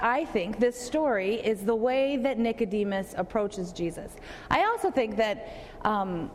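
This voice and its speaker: A woman's voice: on the high side, in a large hall, a little hiss or hum. A woman pastor giving a conversational sermon to a congregation, asking them questions.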